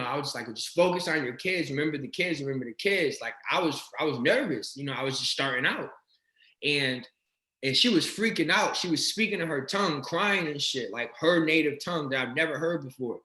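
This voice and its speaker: A man's voice: fairly high pitch, reverberant, poor audio. A man telling wild stories in a casual interview, cursing and laughing as he talks. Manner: swearing, animated, laughing storyteller. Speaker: interview guest, regression practitioner. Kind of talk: casual storytelling chat.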